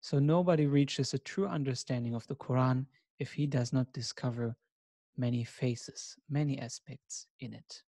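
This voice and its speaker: A man teaching a recorded course lesson in a measured, reflective way, inviting listeners to take part. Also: mid-range voice, fairly even intonation, creaky, dark tone, dry recording. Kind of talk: recorded lecture.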